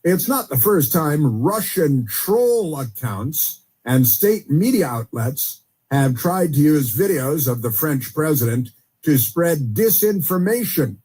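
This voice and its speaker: Husky male talk-show host, rambling and sarcastic. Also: a little high, sing-song, slow pace, dark tone. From United States. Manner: sarcastic, rambling with many fillers and restarts. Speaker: podcast host. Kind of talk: casual commentary.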